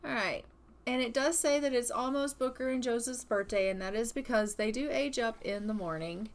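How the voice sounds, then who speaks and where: A woman casually narrating her gameplay of a family life sim in a chatty, relaxed way. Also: fairly high pitch, normal speed. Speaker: gaming channel host.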